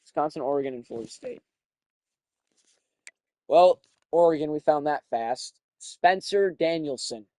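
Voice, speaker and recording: A young man giving casual, profane commentary while playing a video game, thinking out loud and getting excited. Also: a little high, unhurried, long pauses, no echo, studio quality. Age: young adult.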